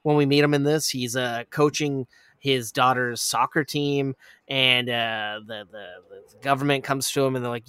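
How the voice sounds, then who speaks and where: A man casually retelling a movie plot in a rambling, profane way, with lots of fillers and quick laughs. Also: medium pitch, fairly even intonation, bright, forceful tone, clear, resonant tone, dry recording.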